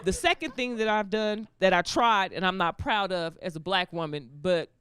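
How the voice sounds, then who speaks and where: A young woman doing a stand-up comedy set, telling stories in an animated, laughing way and slipping into voices, on a stage with a live audience. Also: mid-range voice, moderate pace, clear, resonant tone, dry recording. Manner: animated, laughing storytelling that slips into character voices.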